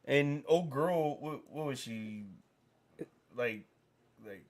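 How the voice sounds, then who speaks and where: A man's voice: mid-range voice, takes it slowly. A man hosting a livestream, telling a meandering anecdote in casual chat. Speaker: livestream host.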